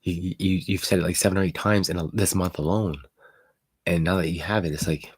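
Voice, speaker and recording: A man's voice: low-pitched, fairly even intonation, a little fast, slightly rough, no echo. A man hosting a live chat, talking bluntly and profanely to hurt viewers, rambling with many restarts like a confiding friend. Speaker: livestream host.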